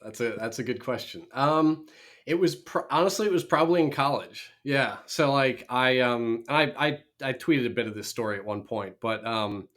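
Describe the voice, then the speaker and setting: A man from Minnesota, a real estate investor, telling stories as a podcast guest with high energy, blunt profanity and quick restarts. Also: a bit bright. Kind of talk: casual interview storytelling.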